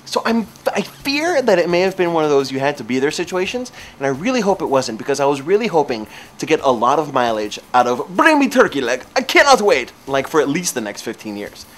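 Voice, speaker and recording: A man casually telling a comic story in an animated, rambling way, with lots of fillers. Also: on the high side, fairly quick, hardly any pauses, slight background noise.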